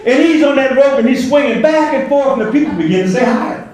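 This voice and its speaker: A man with a very high voice spins an animated joke for a banquet crowd. He is heard from across a booming, echoey hall, and the crowd murmurs behind him. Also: quick pace. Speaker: banquet speaker. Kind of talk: comic storytelling to a banquet crowd. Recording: echoey hall, mic far off, crowd noise.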